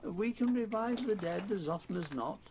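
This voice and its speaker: A man's voice: sits high, lively intonation, normal speed, background noise, pitched above the performer's own voice. A man voicing an airy, courteous stranger who arrives in a strange sphere, in an audiobook reading. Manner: airy, courteous, peculiar accent. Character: suave tall stranger man from a rolling sphere.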